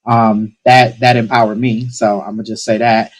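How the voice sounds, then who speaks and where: A man's voice: on the low side, moderate pace, rough recording. Joking man hosting a poetry slam. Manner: joking, laughs often, lively. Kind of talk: casual emceeing.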